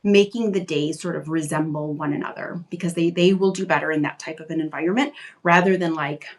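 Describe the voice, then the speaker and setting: A woman on a casual live video stream answers parenting questions in a conversational, reassuring way, using "like" a lot. Her low-pitched voice is brisk with a steady tone.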